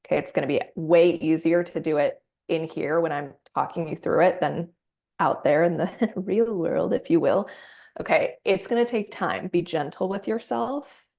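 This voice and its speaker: Gentle woman coaching through a session. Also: low-pitched, moderate pace, gravelly. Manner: gentle, encouraging, acts out inner voices. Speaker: somatic practitioner.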